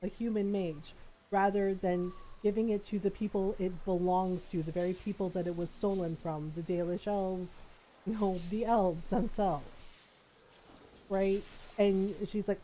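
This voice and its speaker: A woman's voice: medium pitch, unhurried, slight background noise, low-quality recording. A woman streamer chatting casually while playing a game, talking to her chat and laughing often. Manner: animated, laughs often, quotes people in playful voices. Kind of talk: casual gameplay chat with chat readers.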